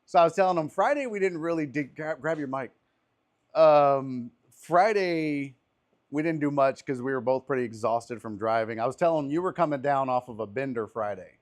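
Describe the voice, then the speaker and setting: A man's voice: medium pitch, normal speed. A man hosting a casual podcast chat, a comedian telling profane, rambling stories on an outdoor patio. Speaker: podcast host and stand-up comedian.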